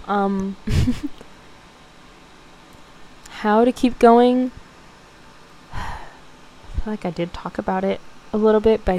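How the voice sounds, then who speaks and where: A young woman talks straight to her listeners in a casual, heartfelt podcast monologue. Her voice sits a little low. She is emotional and close to tears, swears freely and laughs through it. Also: darkish tone, low-quality recording. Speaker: podcast host.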